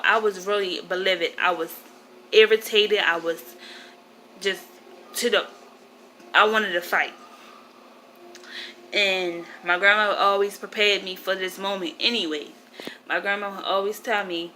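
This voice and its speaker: A woman's voice: mid-range voice, fairly even intonation, unhurried, pauses often, pushed and bright, slight background noise, rough recording. A woman in her twenties, upset and grieving, telling a rambling personal story to camera and often correcting herself. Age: 20s. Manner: rambling, emotional, self-correcting. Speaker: vlogger.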